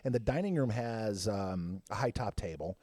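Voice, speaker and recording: Man, casual podcast chat, lively swooping pitch, acts out voices, dry close mic. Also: normal speed, no room sound. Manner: animated, acts out voices in stories. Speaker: podcast co-host.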